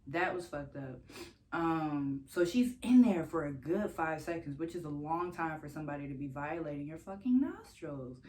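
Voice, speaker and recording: A woman's voice: lively intonation, normal speed, a little mellow. A young woman vlogging, telling a personal story in a casual, candid way, swearing freely and laughing between sentences. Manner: jumps much higher when quoting herself.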